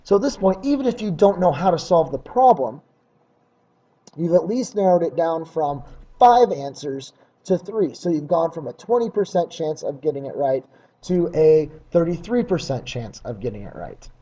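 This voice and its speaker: A man walks students through test strategies in a slightly high, mellow voice, full of uhs and ums. The recording sounds dull and lo-fi. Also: animated, normal speed, breathy edge. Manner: plain, practical, with many filler uhs and ums. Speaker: test prep teacher. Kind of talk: recorded test-prep lesson.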